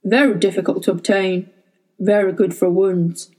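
A woman voicing a weary, gentle old man who speaks gravely and sadly. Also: medium pitch, fairly even intonation, normal speed, lightly acted, low-quality recording. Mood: earnest.

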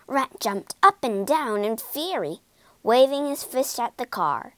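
Woman reading a children's storybook slowly. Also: no room sound. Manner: expressive, unhurried reading with lively pitch. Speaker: storybook narrator.

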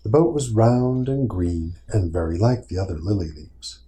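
Low, mellow-voiced dad reading aloud. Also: male voice. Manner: gentle and patient, pausing to answer the child. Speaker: father reading a bedtime story. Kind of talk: reading aloud to a small child.

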